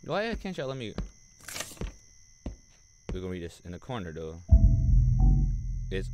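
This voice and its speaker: A man commentating a horror game, swinging between mumbled slangy banter and loud frightened shouts. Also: medium pitch, huge pitch swings, slow pace, long pauses, noisy background. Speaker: gamer playing a horror game. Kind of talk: let's play commentary.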